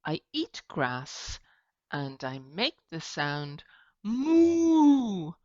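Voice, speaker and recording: A woman teacher talking slowly and clearly to young children in a sing-song way, with animal noises. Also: low-pitched, big pitch swings, fairly bright tone, no room sound. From Ireland. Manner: slow, sing-song, with animal sound effects. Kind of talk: slow children's lesson. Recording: dull lo-fi, dry.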